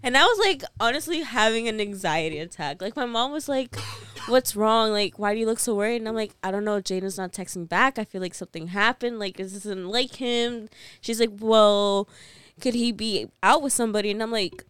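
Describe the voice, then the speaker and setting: A young woman co-hosting a podcast, telling a story in casual chat, animated and laughing often as she acts out quoted lines. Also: fairly high pitch, a little fast, smooth, no room sound. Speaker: podcast co-host.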